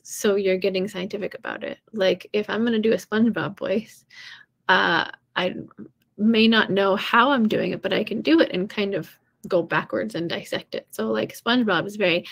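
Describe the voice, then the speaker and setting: A young woman gives a relaxed singing lesson, thinking out loud as she goes. She rambles a little and fills pauses with soft hesitations. Her pitch sits in an ordinary middle range for a woman. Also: gravelly. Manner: chatty and rambling, many ums, laughing at herself. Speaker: voice teacher. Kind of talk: casual live-streamed singing lesson.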